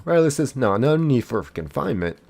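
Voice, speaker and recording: A man streaming a game live, casually reading his chat's messages aloud in a playful, excitable way. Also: mid-range voice, gravelly. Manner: reads chat messages aloud in quick succession, playful and excitable; casual, uses "y'all". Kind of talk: live gaming stream chat.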